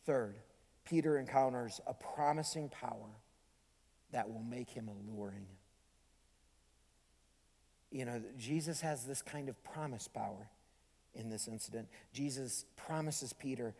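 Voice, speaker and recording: A male pastor preaching a sermon in a church, swinging between loud emphatic lines and hushed near-whispers. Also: mid-range voice, a little slow, vocal fry, long pauses, big-room sound. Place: church sanctuary.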